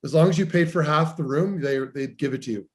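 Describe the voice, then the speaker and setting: A man with a voice pitched a little above most, co-hosting a casual podcast. He spins loose, animated stories studded with filler words, talking like he's among old teammates. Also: fairly quick. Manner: animated, rambling anecdotes with many "like"s. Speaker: podcast co-host, former pro hockey player. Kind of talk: casual chat, storytelling.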